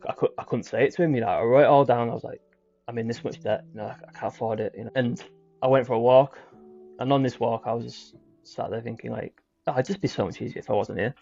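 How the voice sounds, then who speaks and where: Gravelly young British man, halting. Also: medium pitch, a little mellow, no echo. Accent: British English. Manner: halting, repeats words, frequent fillers. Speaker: guest. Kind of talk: personal recovery story. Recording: dry, muffled audio.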